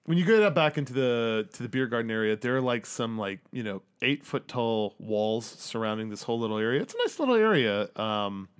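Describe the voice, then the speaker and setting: Animated, laughing male game master. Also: mid-range voice, a little fast, hardly any pauses, smooth. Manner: laughing, rambling narration with many fillers. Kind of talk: narrating a tabletop game.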